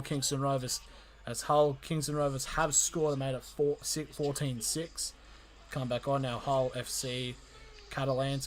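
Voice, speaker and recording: A man calling a rugby league match live for his stream, in an amateur play-by-play style that jumps in excitement and often stumbles and corrects himself. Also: medium pitch. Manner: excitable, frequent restarts and self-corrections.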